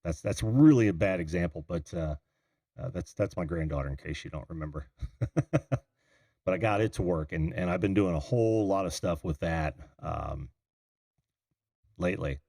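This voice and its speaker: A man's voice: low-pitched, normal speed, creaky, long pauses, dark tone, dry recording, clean studio sound. A middle-aged man hosting a call-in livestream, rambling casually and answering viewers' chat comments. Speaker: call-in show host. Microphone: computer mic on a video call.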